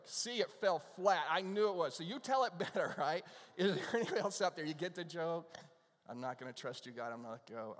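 Casual pastor preaching in a reverberant hall. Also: male voice, a little high, a bit bright. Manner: conversational, self-deprecating joke telling. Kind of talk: sermon.

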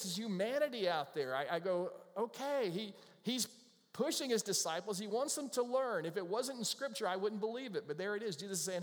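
A man preaching a sermon as a pastor, animated and acting out quotes with little laughs. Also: sits high, a little fast, big-room sound. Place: church.

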